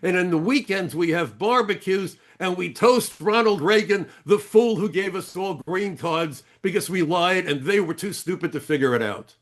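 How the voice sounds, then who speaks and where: A man's voice: high-pitched, moderate pace, hardly any pauses, voice pushed up, natural voice. A man doing a mocking boastful cab driver. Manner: mocking, gleeful. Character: scornful male immigrant taxi driver, boastful.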